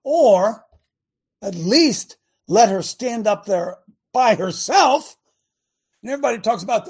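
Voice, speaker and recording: A man hosting a radio talk show, preaching in an emphatic way with rhetorical questions and drawn-out key words. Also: high voice, lively intonation, breathy edge.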